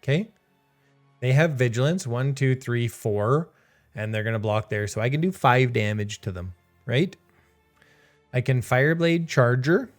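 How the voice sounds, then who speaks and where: A man's voice: medium pitch, lively intonation, measured pace, pauses often, soft background music. A man commenting casually on his own card game, sarcastic and exasperated, laughing in disbelief. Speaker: streamer playing a card game.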